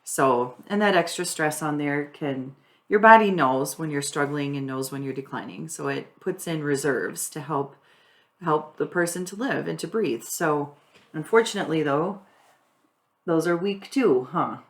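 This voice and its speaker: A middle-aged woman with a low voice explains things plainly and steadily in casual chat. She laughs easily between points. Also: measured pace. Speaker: wife and caregiver explaining hospice care.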